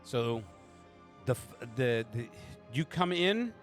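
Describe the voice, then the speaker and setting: Lively, bright-voiced game master man. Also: medium pitch, takes it slowly, faint music behind. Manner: swears casually, many restarts. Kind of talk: running a tabletop game.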